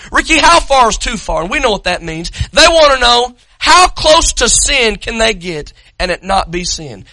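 A man preaching an impassioned sermon as pastor, telling a story dramatically and rising to shouts. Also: extremely high pitch, dry recording, low-quality recording. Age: adult parent.

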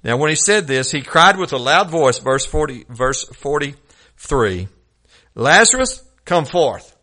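A man's voice: mid-range voice, unhurried, bright, forceful tone. A man preaching a sermon in a folksy storytelling manner, acting out scripture scenes.

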